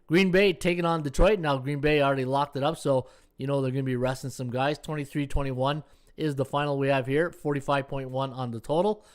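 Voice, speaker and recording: A man's voice: mid-range voice, fairly even intonation, a little fast, clean tone. A middle-aged man hosting a sports betting podcast, reading odds and picks and chatting with his live viewers, his throat worn from talking. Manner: chatty, reads odds and picks, talks to chat. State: losing his voice, throat sore. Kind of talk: casual sports betting talk.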